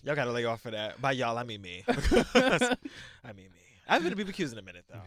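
A young New man chatting on a podcast, talking fast and swinging his pitch widely as he acts out stories. He laughs often and his voice is close and dry, with no room around it. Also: no room sound. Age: 20s. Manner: animated, laughing, acts out quotes with big pitch jumps. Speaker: podcast co-host. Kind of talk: casual chat.

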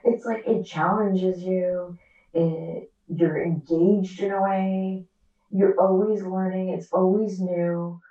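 A woman, an actor and author, talking candidly as a podcast guest, animated and quick with asides, acting out quoted dialogue. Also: lowish voice. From America. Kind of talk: candid interview conversation. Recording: echoey, distant, dull remote audio.

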